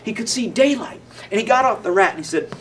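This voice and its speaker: A man's voice: high-pitched, expressive, quick pace. A male storyteller performing a children's tale dramatically, with gasps and sound effects. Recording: distant mic with faint noise.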